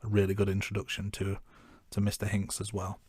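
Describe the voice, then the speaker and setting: A man with a fairly low voice talks through a film's scenes in a relaxed, self-deprecating way. The recording is dry and close, with no room sound. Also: fairly quick, breathy edge, no room sound. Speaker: podcast co-host. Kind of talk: casual film-review chat.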